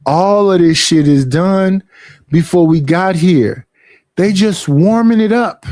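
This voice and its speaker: A young man talks at an unusually high pitch for a man, swearing freely as he vents in a casual streaming rant. The sound is dry and close, with no room around it. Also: takes it slowly, no room sound. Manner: profane, animated complaining.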